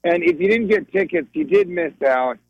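A man's voice: high-pitched, huge pitch swings, moderate pace, creaky, slightly rough, no echo. A male comedian calling in to a radio show, giddy and rambling, laughing through his jokes over a muffled phone line. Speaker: comedian guest.

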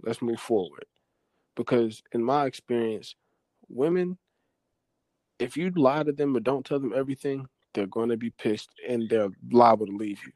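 A man's voice: mid-range voice, moderate pace, darkish tone, no echo. A young man on a podcast as a guest, giving earnest, conversational advice. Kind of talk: casual chat.

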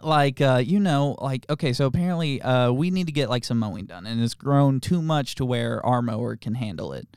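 In a casual podcast chat, this male co-host rambles through stories, leaning on fillers and laughing often. His medium-pitched voice has a darkish, smooth tone and moves a little fast with few pauses. The studio-quality recording has no room sound.

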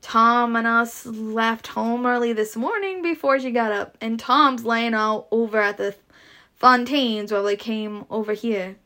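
Woman reading a chatty young southern guy, her own highish voice, no accent. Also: steady tone, unhurried, pushed and bright. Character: cheerful, easygoing young Southern man, a college twin.

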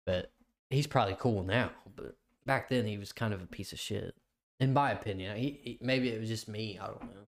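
A man's voice: on the low side, a little fast. A young man co-hosting a podcast, telling a story in a rambling, profane way and laughing often. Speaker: podcast co-host. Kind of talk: casual chat.

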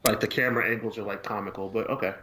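A man co-hosting a casual chat, dropping wry, deadpan asides. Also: on the low side, rapid-fire. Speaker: co-host.

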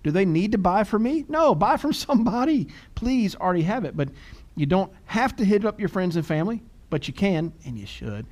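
A man's voice: sits high, big pitch swings, fairly quick. A middle-aged man co-hosting a podcast, chatting casually and telling self-deprecating stories with frequent laughs. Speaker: podcast co-host.

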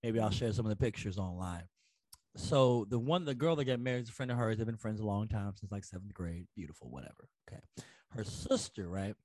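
A man's voice: fairly low pitch, lively intonation, brisk, a little mellow, no echo. A young man co-hosting a podcast in a casual, playful way, joking and swearing freely. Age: young adult. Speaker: podcast co-host.

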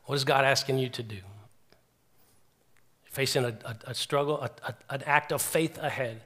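A middle-aged man delivers a sermon with earnest, animated energy, often restarting his sentences as he retells stories. His pitch is medium and his speed is normal.

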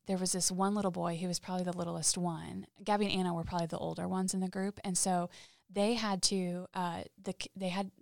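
A woman guest telling personal stories in an interview, halting and heartfelt, with frequent restarts. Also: on the low side, little pitch movement, vocal fry, dry recording. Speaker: podcast guest. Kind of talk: candid interview storytelling.

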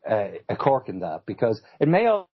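A man in a casual sports chat, talking in an animated, rambling way and often cutting himself off. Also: lowish voice, normal speed, husky. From Ireland. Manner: animated, rambling, self-interrupting. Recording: dull lo-fi recording.

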